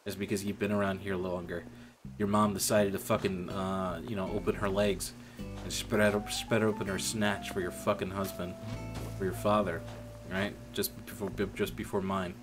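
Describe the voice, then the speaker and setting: A man's voice: low voice, flat delivery, moderate pace. A young man telling a rambling, profane story about an old coworker in a casual stream chat. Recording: music playing behind.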